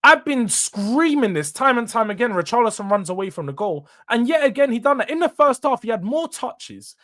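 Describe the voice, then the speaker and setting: A young man hosts a fan reaction show, speaking in a fairly high voice. He rants with frustration, building into sudden loud outbursts before dropping back down. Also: sing-song, fairly quick. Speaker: host. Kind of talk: fan match reaction monologue.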